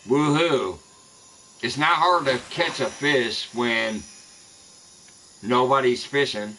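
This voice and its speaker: A man's voice: mid-range voice, pushed and bright, slight background noise, low-quality recording. A man streaming a fishing game, ranting angrily and cursing constantly at rival streamers. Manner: profane, angry ranting. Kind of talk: live gaming stream rant.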